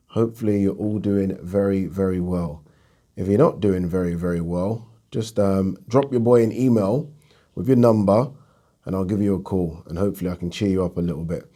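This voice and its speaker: A man hosting a boxing vlog, talking in a chatty, animated way and repeating himself for emphasis. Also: fairly low pitch, fairly quick. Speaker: boxing channel host. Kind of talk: casual vlog talk.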